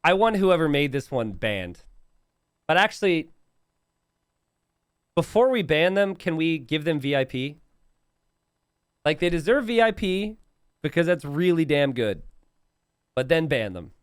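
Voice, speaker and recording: Speaking fairly high and unhurried with frequent pauses, he has a clear, resonant tone captured in a dry studio recording. He's a game caster casually reacting to viewer memes on stream, animated and giggly, laughing mid-sentence, teasing, chatty, and self-correcting.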